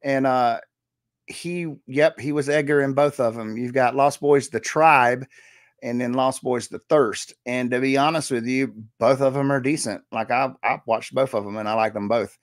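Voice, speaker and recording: A man's voice: medium pitch, steady tone, normal speed, no echo, clean studio sound. Rambling man chatting on a podcast. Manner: rambling, restarts and quotes favorite lines. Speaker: podcast co-host. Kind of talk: casual podcast chat.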